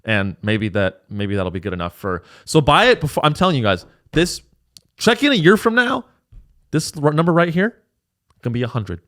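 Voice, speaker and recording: Male podcast host, sarcastic, rambling, profane, average pitch. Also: sing-song, moderate pace, fairly bright tone. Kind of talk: casual chat.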